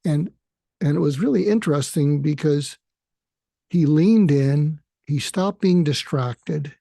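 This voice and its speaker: A man talks through a reflective solo monologue as host of his own show, pausing and restarting often. His voice is gravelly and a little husky, with a dark, mellow tone. The recording is dry and close. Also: fairly high pitch, dry recording. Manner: halting, with frequent fillers and restarts. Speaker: podcast host and therapist.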